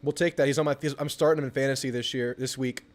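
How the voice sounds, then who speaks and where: A young man hosting a live football watch party, chatting casually about the game and bursting into excited yelling at the TV on big plays. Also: mid-range voice, fast. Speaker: sports channel host.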